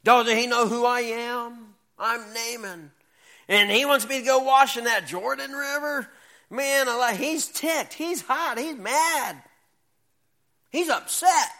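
A man's voice: very high-pitched, slow pace, bright, forceful tone, pitched above the performer's own voice, heavily acted. A man voicing a proud, angry army commander, ranting in a huffy, exasperated way during a Bible lesson. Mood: indignant.

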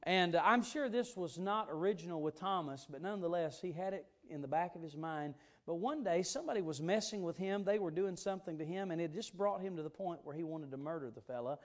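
A man's voice: on the high side, a little fast, hardly any pauses. A man preaching an evening church sermon, earnest and emphatic, stressing and repeating key words.

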